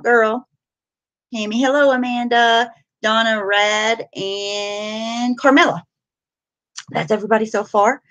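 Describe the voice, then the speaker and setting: A woman's voice: a little high, a bit bright. Tired, chatty woman live-streamer. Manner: chatty, greets viewers by name, frequent laughs. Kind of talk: casual live-stream chat.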